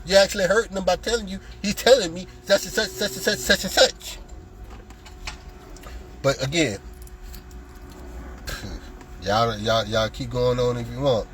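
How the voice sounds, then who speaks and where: A man delivering a heated solo rant to his audience, taunting critics and swinging between loud jabs and muttered asides. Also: on the high side, fairly even intonation, a little slow, pauses often, rough recording. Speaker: lottery content creator.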